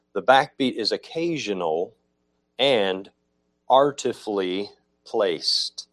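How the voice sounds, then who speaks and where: Casting: lower-voiced male preacher, teaching sermon, patient and explanatory, self-correcting. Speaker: pastor.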